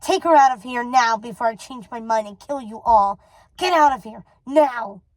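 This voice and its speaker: A woman's voice: a little high, moderate pace, no room sound, close to an everyday voice, rough recording. A woman voicing a cold, possessive old witch mother who speaks with icy scorn, reading a storybook aloud. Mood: scornful. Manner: icy and scornful, then doting.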